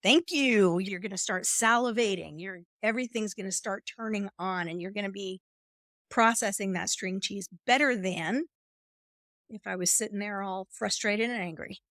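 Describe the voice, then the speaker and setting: A woman's voice: mid-range voice, normal speed, a bit bright, no room sound, clean studio sound. A woman coach speaking as a podcast guest, explaining ideas expressively and acting out inner voices. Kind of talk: podcast interview conversation.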